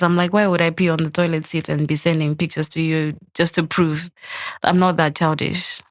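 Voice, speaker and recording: A woman's voice: on the low side, moderate pace, no echo. A young adult woman, a podcast guest, telling a personal story in casual chat and acting out the quoted lines. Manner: animated, acts out quoted dialogue.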